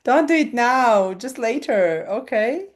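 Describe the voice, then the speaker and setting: A woman's voice: fairly high pitch, animated, slow pace. Blunt, laughing Armenian-accented woman. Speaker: podcast co-host, English teacher. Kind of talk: casual chat.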